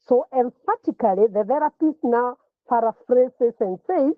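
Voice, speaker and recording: A woman teaching a class, her voice a touch high and narrow through a phone-like line. She explains patiently, repeating words and restarting sentences. The sound is dry, with no room around it. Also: a little slow, dry recording. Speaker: lecturer. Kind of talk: classroom lecture.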